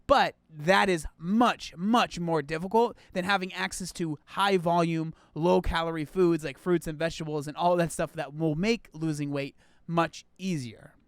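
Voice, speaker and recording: High-voiced guy reacting to a vid, rambly, lots of "like" and "right", dry close sound. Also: fairly even intonation, normal speed, dry recording. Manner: rambling, many fillers and restarts. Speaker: host reacting to a video. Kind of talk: casual reaction commentary.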